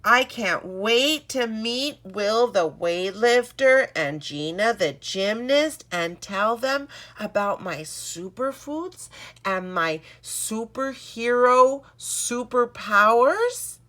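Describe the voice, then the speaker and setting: A woman voicing an excited, cheerful little girl in a storybook. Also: mid-range voice, slow. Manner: breathless excitement.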